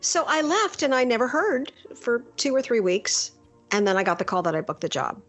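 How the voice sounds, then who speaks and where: A woman's voice: a little high, moderate pace, soft background music. A middle-aged woman, a voice actress, telling a story in a casual interview and acting out the lines she quotes. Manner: lively anecdotal, acts out quoted lines. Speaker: voice actress guest.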